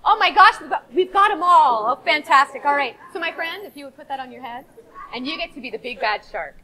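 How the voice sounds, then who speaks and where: A woman telling a children's story to a live audience, animated and coaxing everyone to join in. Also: high-pitched, a little fast, a crowd in the background. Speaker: storyteller leading a workshop.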